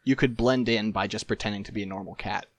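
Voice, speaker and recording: A man's voice: fairly low pitch, steady tone, quick pace, dry recording. A man co-hosting and editing a podcast, wry and self-deprecating, often losing his thread mid-sentence. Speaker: podcast co-host and editor. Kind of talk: casual chat.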